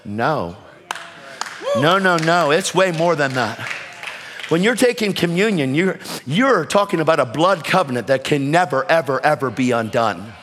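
A high-pitched male preacher delivering a fervent sermon, his voice ringing with a long hall reverb. He swings between shouted exhortations and quick, quieter storytelling, and his passion runs through every line. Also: sing-song, a little hiss or hum. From United States.

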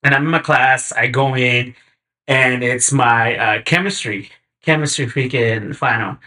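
A man guesting on a podcast, telling stories in a relaxed, slangy way. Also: mid-range voice, measured pace. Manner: laid-back, slangy, acts out quotes in animated bursts. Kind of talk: casual chat, storytelling.

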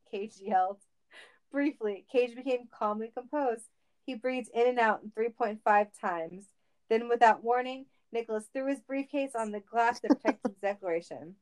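A woman's voice: fairly high pitch, moderate pace, a little mellow, low-quality recording. A woman reading a comic story aloud in a playful manner. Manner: playful, laughing.

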